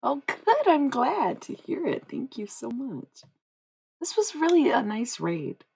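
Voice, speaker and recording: A woman's voice: high-pitched, huge pitch swings, slow, vocal fry, darkish tone, husky. A young woman livestreaming, chatting casually and giving psychic readings, rambling and repeating herself with frequent laughs. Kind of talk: casual live-stream chat.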